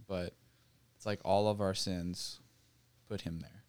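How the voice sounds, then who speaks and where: A man's voice: low-pitched, level tone, a little slow, smooth, dry recording. A man in a casual faith discussion, sharing reflections hesitantly.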